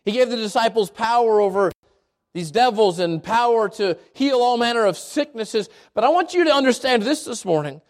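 A man's voice: extremely high pitch, lively intonation, moderate pace. A man preaching a sermon in an earnest way, often repeating and restarting his phrases. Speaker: pastor.

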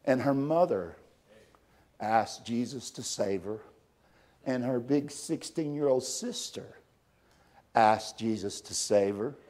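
A man preaching a sermon and telling a story in an animated way, swinging from loud bursts down to hushed tones. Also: mid-range voice, slow pace, pauses often.

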